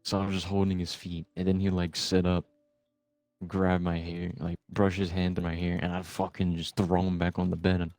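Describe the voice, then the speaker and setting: A man's voice: low voice, completely flat delivery, moderate pace, a little mellow, no room sound. A young man chatting casually while gaming, telling a long rambling story full of swearing. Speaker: gamer recording with a friend.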